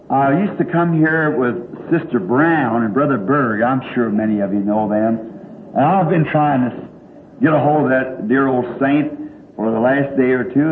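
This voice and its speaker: An older man preaching a sermon, telling stories in a folksy, rambling way and chuckling often. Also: medium pitch. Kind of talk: sermon storytelling. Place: large church hall. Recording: tinny old recording in an echoey hall with faint hiss.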